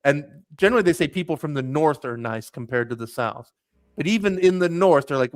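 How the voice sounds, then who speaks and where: A man's voice: fairly high pitch, expressive, brisk, no room sound. A man tells a loose travel story on a casual podcast. He wanders, restarts and fills his talk with "like." The sound is dry, with little room around it. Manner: rambling storyteller, many restarts and "like"s. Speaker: podcast host. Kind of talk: casual chat.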